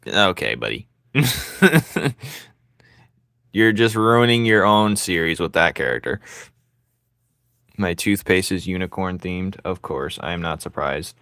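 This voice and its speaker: A man's voice: low-pitched, expressive, a little slow, pauses often, sharp tone, clean tone, no echo, studio quality. Joking young man streaming while drawing. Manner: joking, teasing, laughs often. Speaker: streamer drawing live and reading chat. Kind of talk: casual livestream chat while drawing.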